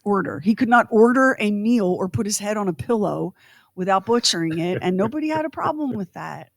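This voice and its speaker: A woman's voice: mid-range voice, animated, brisk, gravelly, no echo, clean studio sound. A woman co-hosting a radio show, ranting sarcastically and laughing between lines. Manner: exasperated, sarcastic rant with laughs. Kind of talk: casual radio chat.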